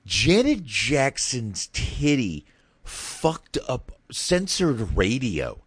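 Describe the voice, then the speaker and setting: A man's voice: medium pitch, wildly swooping pitch, drawn-out words, husky, no echo. A man co-hosting a podcast, chatting casually about a movie, profane and rambling, with frequent laughs. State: sore throat after shouting. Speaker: podcast co-host. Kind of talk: casual movie review chat.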